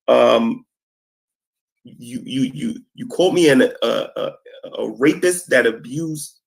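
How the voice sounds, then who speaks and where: A man in a played video clip, talking straight at a rival in a confrontational monologue, halting and repeating words. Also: medium pitch, creaky. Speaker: video maker addressing a rival.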